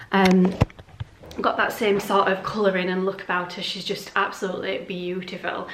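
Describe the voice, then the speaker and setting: A woman's voice: medium pitch, roomy sound. Chatty woman vlogging at home. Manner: chatty and gushing, with frequent ums and likes. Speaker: beauty vlogger. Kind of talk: casual chat to camera. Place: room at home.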